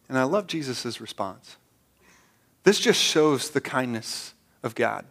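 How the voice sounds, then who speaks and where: A man's voice: medium pitch, expressive, unhurried, fairly bright tone. A male pastor preaching a sermon, earnest and repetitive, building up to passionate emphasis.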